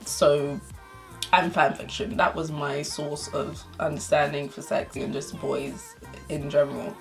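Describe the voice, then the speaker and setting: Brief: young woman vlogger, lowish voice, reads aloud with giggly, self-mocking asides. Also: little pitch movement, unhurried, music in the background. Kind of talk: reading old fan fiction aloud with commentary.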